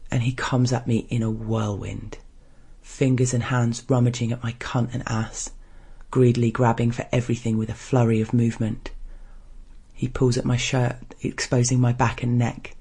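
A man reading a first-person erotic story aloud in a soft, hushed, restrained way. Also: mid-range voice, little pitch movement, unhurried, breathy edge. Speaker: story narrator.

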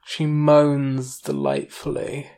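A narrator tells an erotic story in the first person, taking each line very slowly and intimately. The voice has a gravelly, crackly texture, and the telling never rushes. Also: mid-range voice, level tone, warm tone.

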